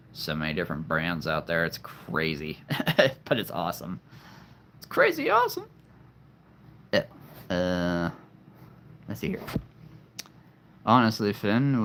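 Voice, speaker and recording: A man hosting a casual livestream, chatting with viewers, laughing often and jumping up in pitch when excited. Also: slight background noise. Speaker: livestream host. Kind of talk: casual livestream chat reading comments.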